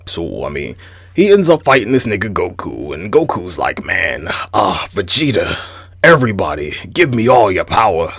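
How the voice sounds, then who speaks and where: A young adult man hosting a casual, profane commentary rant, animated and incredulous. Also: fairly low pitch, no echo, studio quality. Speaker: host.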